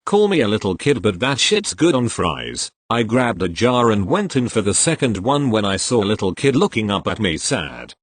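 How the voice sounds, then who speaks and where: A man reading online posts aloud in a steady, even scripted narration. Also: fairly low pitch, no room sound.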